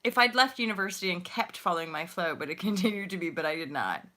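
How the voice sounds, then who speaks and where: A woman's voice: fairly low pitch, lively intonation, fast talker, bright, forceful tone. A woman in her forties hosting a casual livestream chat, talking in a playful, slangy way and laughing often. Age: 40s. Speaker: livestream host.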